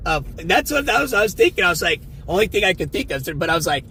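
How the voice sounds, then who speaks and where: A man with a notably high voice chats casually with his live-stream viewers from inside a car. He rambles and swears freely. A faint hum of the road sits underneath. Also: sing-song, fast, few pauses, sharp tone. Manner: profane, rambling, talks to his chat. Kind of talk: casual live-stream chat while driving.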